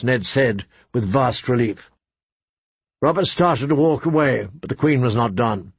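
A man narrating an audiobook in a measured, dramatic storytelling manner. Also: medium pitch, slightly rough, dry recording. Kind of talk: scripted narration.

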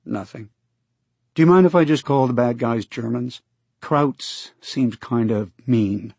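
A man voicing a calm, gentle young minister in an audiobook reading. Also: measured pace, creaky, slightly rough, no room sound. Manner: soft-spoken, low and mild. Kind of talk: audiobook character voice.

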